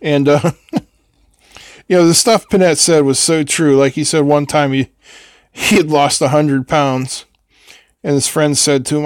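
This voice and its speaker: A man's voice: on the high side, steady tone, measured pace, long pauses, no echo, studio quality. Chatty older man soldering and rambling. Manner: rambling, chatty, answers chat between steps. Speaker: host of an electronics build stream. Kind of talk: casual chat while soldering.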